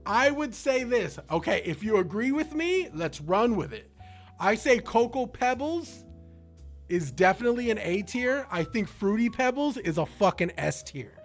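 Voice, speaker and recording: A young man chats casually with his viewers on a live stream at a moderate pace, his voice a bit higher than most men's. Loud and slangy with excitement, he swears and jokes freely while faint music plays quietly in the background.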